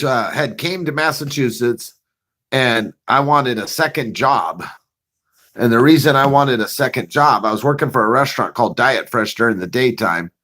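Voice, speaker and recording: A man spins a casual, profanity-laced yarn on his own show. He laughs as he goes and acts out what happened, with a voice in the middle of the usual male range. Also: mid-range voice. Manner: profane, laughing, animated retelling. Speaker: vlogger. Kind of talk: casual storytelling.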